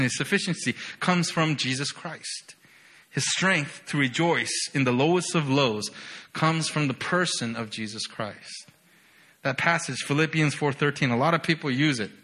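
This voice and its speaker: A young man preaching a sermon with lots of energy, often asking "right?" and swinging from loud bursts to quiet, low lines.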